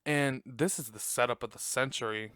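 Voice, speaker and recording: Recapping a movie in loose, chatty talk, this podcast host curses and laughs a lot. He speaks at a normal speed with a medium-pitched voice that's a bit bright and smooth. He's close to a desk mic in a room at home, with no echo.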